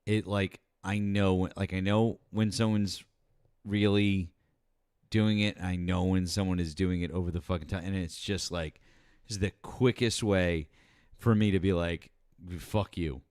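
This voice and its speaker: A man's voice: deep voice, steady tone, normal speed, a little mellow, clean tone, no room sound, clean studio sound. A man co-hosting a casual political chat, blunt and full of swearing and hesitant fillers. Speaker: co-host.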